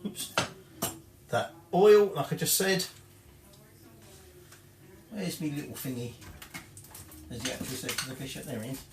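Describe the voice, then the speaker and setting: A man's voice: fairly high pitch, lively intonation, measured pace, long pauses, heavy background noise. A man giving a casual cooking demonstration, chatty and rambling, correcting himself and swearing offhandedly. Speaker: home cook presenting a recipe. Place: home kitchen. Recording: echoey kitchen with clattering dishes.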